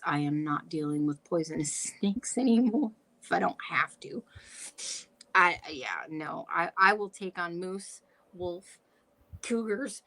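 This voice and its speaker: A woman from Michigan's Upper Peninsula hosting a casual chat, blunt and quick to swear, laughing often. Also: lowish voice, gravelly, bright, forceful tone, rough recording. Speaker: vlog host.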